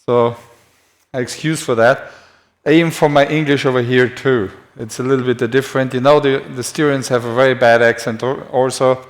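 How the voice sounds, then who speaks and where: Man, English speaker, anatomy lecturer, live-streamed lecture, chatty, self-deprecating, medium pitch. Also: steady tone, normal speed. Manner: chatty and self-deprecating, writing on a board as he talks.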